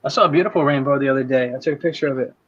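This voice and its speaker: A man chatting casually in a quick, matter-of-fact way. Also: mid-range voice, a bit bright, breathy edge. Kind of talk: casual chat. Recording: dull lo-fi sound with faint noise.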